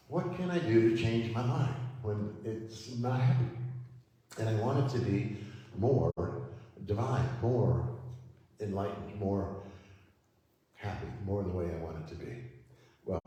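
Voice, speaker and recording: A man with a lowish voice delivers a gentle, unhurried sermon, pausing often as he leads his listeners through affirmations. He is picked up from a distance in a large, echoing hall, with faint room ambience behind him. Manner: slow, gentle, pausing preacher leading affirmations. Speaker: speaker at a spiritual center. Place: church hall. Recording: echoey hall, mic from far off.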